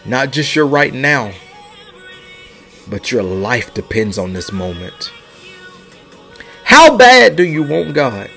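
A man's voice: mid-range voice, sing-song, slow pace, creaky, long pauses, pushed and bright, soft background music. A man preaching a sermon, pleading and repeating his lines with rising and falling intensity.

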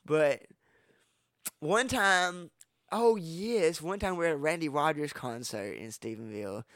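A man telling rowdy stories on a podcast in a bright, pressed, slightly high voice. His speech is crisp and clean, recorded close and dry, and he bursts loud whenever he acts out a line. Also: measured pace, no echo. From Texas. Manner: animated, profane, acts out quoted lines with sudden loud jumps. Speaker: podcast host. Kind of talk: casual storytelling.

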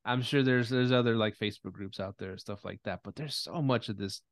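A man's voice: on the low side, brisk, dry recording, clean studio sound. A man hosting a podcast in casual chat, talking bluntly with lots of profanity and restarts. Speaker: podcast host.

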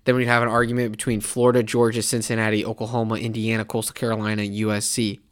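Animated man ranting about college football. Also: on the low side, fast talker, clean tone. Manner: animated, rambling, jumps into mock fan voices. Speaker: sports podcast host. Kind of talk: casual college football opinion talk.

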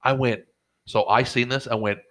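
A man's voice: mid-range voice, fairly even intonation, normal speed, fairly bright tone. Rambling, foul-mouthed male storyteller. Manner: rambling, swears a lot, acts out his own reactions. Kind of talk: casual comedic storytelling.

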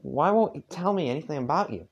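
A man's voice: a little high, expressive, quick pace, breathy edge, muffled recording, voice pushed up. A man voicing a shy, polite and friendly young man, eager and earnest. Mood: curious.

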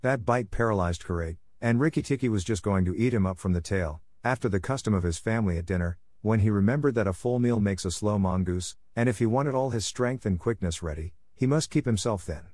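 A man reads a classic story aloud in a steady, clear manner. His voice sits low. The recording is dry and close, with no room sound. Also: a little fast, hardly any pauses, dry recording. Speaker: narrator. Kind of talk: storybook narration for English learners.

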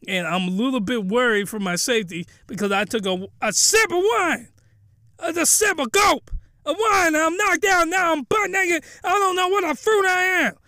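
A panicked young anime man, high and whining as he begs, voiced by a man recapping an anime. The voice is pushed up well above the speaker's own, bright and close with no room around it. Every word comes out pleading. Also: normal speed, no echo, exaggerated voice. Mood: worried. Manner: pleading, whiny.

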